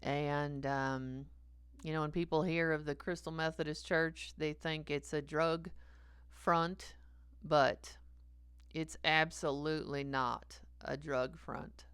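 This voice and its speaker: A woman's voice: sits low, little pitch movement, slow, a bit bright, smooth, no room sound. A woman playing a sleazy, confessional 48-year-old male pastor who rambles hesitantly, with lots of fillers, and chuckles at himself. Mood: rambling. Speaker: comedic character sermon. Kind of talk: stream-of-consciousness comic sermon.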